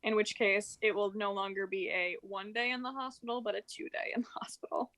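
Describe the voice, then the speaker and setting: A woman's voice: medium pitch, fairly even intonation, brisk, a bit bright. A young woman co-hosting a podcast, chatting casually, laughing often and using lots of fillers. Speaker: podcast co-host. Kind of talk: casual chat.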